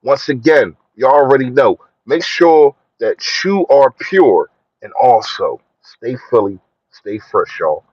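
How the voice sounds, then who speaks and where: A young man chatting casually on a sports live stream, slangy and shouting out his viewers. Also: slow, husky, dry recording. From Philadelphia. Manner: slangy, shouts out viewers, lively swings in pitch. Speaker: sports vlogger. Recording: dry, dull lo-fi phone audio.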